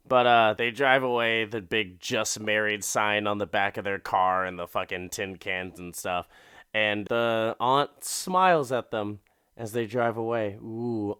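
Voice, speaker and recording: A man's voice: fairly low pitch, a little slow, a bit bright, clear, resonant tone, no room sound, studio quality. A man hosting a podcast, casually recapping an episode with swearing and acted-out lines. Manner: laid-back, swearing, laughing, acting out characters. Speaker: podcast host.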